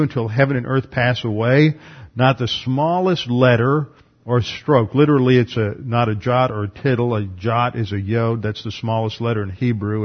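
Male Bible teacher, methodical, reads verses then explains, mid-pitched, dull lo-fi recording. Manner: methodical, reads scripture aloud between explanations. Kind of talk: numbered Bible lesson.

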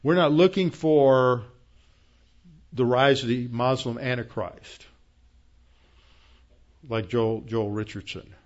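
A man preaching a verse-by-verse Bible lesson in a plain explaining tone, often pausing on fillers and restarting sentences. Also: medium pitch, muffled recording. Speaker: pastor. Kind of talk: Bible teaching sermon.

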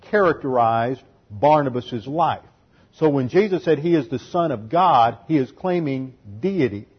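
Husky guy preaching a bible lesson step by step, kinda muffled lo-fi sound. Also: medium pitch. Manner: methodical teaching with numbered points. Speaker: pastor. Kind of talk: expository sermon.

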